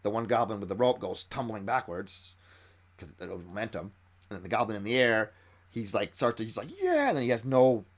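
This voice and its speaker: A man talks through a tabletop encounter he ran as game master. His voice sits a little low, and he speaks quickly. He often stops and restarts his sentences as he gets excited about the story. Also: breathy edge.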